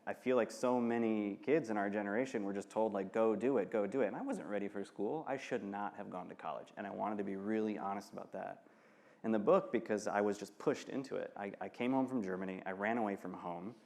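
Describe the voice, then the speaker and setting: Halting, gravelly-voiced man in his thirties. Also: lowish voice, a little mellow. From Michigan, United States. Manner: earnest, halting, quick to laugh. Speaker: author and guest. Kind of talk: candid onstage conversation. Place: festival stage.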